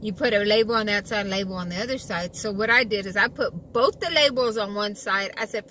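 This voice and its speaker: A woman's voice: medium pitch, a little fast, hardly any pauses. A woman telling a rambling storytime, full of likes and repeats. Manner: rambling, repeats herself, many likes and fillers. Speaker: vlogger. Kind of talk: casual storytime chat. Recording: distant mic, loud traffic noise.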